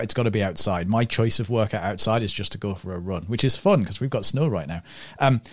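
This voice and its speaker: A man's voice: on the low side, dry recording, studio quality. A man hosting an interview podcast, talking in an enthusiastic, rambling way with lots of restarts. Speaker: podcast host.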